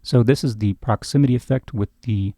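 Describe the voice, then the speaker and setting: A man's voice: medium pitch, a little fast, dark tone, no room sound. Chatty man demoing microphones up close. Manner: chatty, self-deprecating, asks listeners questions. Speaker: microphone reviewer. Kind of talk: casual gear demonstration. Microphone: talking close between two broadcast dynamic mics.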